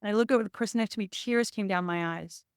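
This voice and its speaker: A woman's voice: mid-range voice, racing, smooth, dry recording, studio quality. A woman, an actor and producer, speaking as a podcast guest in an emphatic, candid storytelling style, with many restarts and reenacted quotes.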